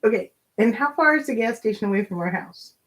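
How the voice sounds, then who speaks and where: Dry-teasing American woman, higher voice. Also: lively intonation, a little fast, poor audio. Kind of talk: casual chat.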